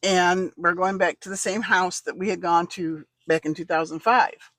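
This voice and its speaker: A woman telling a personal story in a casual, lively way, acting out the dialogue and laughing often. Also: fairly low pitch, moderate pace, dry recording.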